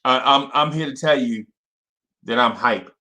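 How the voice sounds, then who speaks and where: A young man hosting a casual fan livestream, repeating himself and shouting out viewers by name. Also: medium pitch, unhurried.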